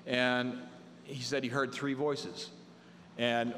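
A man's voice: medium pitch, level tone, a little slow, fairly bright tone, long reverb tail, a little hiss or hum. A man preaching a conversational sermon, telling stories and mimicking other people's voices for humor. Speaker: pastor.

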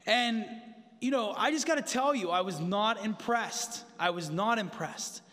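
A man's voice: high voice, a little slow, a bit bright. A man preaching a sermon in a conversational, emphatic way, turning to the congregation with asides. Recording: long hall reverb.

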